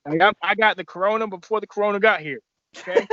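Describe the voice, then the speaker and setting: Rambling wrestler guest, dull lo-fi sound. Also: male voice, high voice, fast talker, pushed and bright, dry recording. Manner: rambling, profane, restarts often. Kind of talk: casual podcast storytelling.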